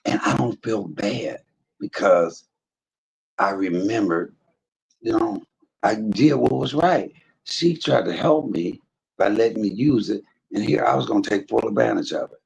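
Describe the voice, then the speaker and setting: A man's voice: lowish voice, expressive, a little slow, gravelly, a little mellow, husky, rough recording. A man streaming live to his viewers, telling a story in an emphatic, preachy way, full of religious exclamations. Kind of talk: casual spoken testimony to a live chat.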